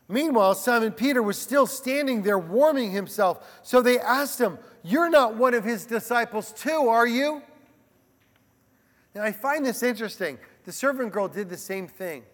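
Male pastor, high-pitched, lively conversational sermon delivery; recorded with long hall reverb. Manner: animated, conversational preaching with asides.

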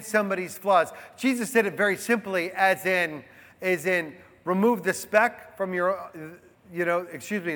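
A man preaching a sermon, shifting between hushed reflection and emphatic proclamation. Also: sits high. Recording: long hall reverb.

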